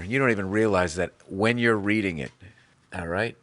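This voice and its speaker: A man's voice: lowish voice, normal speed, fairly bright tone, dry recording. A man hosting a podcast, ranting sarcastically with lots of swearing. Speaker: podcast host. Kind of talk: comedic rant.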